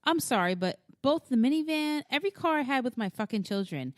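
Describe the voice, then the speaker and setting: A woman in her thirties co-hosting a podcast, chiming in with quick agreement, laughs and swearing. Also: high voice, expressive, dry recording, studio quality. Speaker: podcast co-host. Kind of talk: casual chat.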